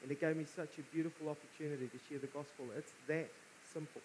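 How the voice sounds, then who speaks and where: A man with a New Zealand accent preaching before a live congregation, his voice sitting high for a man. He talks in a casual, chatty way and jokes with the people in front of him, with a faint hiss under the sound. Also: fairly even intonation, fast. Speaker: guest preacher. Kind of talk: sermon.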